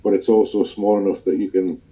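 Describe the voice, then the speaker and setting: A man's voice: low-pitched, fairly even intonation, a little fast. A man, a guest in a casual interview, telling stories in a chatty, rambling way. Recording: dull lo-fi recording.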